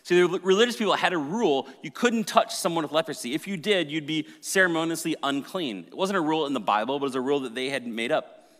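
A man preaching a sermon with dramatic shifts from loud emphasis to hushed retelling. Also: on the high side, quick pace. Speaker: pastor. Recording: reverberant hall.

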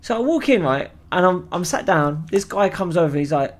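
Lively, swearing young man. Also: high-pitched, fairly quick. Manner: animated, swears freely, acts out voices. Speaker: podcast co-host. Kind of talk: casual storytelling chat.

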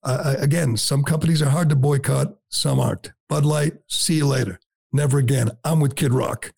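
A male talk radio host with a gravelly, slightly husky voice, recorded close and dry in a studio. He talks in a blunt, sarcastic, combative way, mocking and opinionated. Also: medium pitch, steady tone, normal speed, darkish tone, dry recording.

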